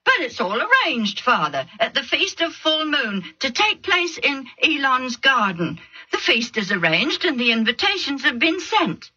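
A woman's voice: high voice, sing-song, unhurried, bright, forceful tone, breathy edge, lo-fi sound, voice pushed up, heavily acted. A woman voicing an impulsive young man who defends his plans to his parents in a raised, pleading tone. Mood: defensive.

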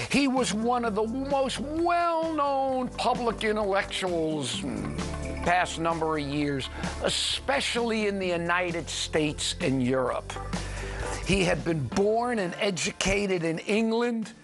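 Animated New York host, gravelly voice. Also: male voice, high-pitched. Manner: animated, digressive, chuckling asides. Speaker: program host. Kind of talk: conversational radio commentary.

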